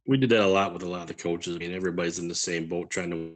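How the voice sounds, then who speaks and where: A man hosting a podcast, reminiscing in relaxed casual chat. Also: sits low, racing. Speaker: podcast host.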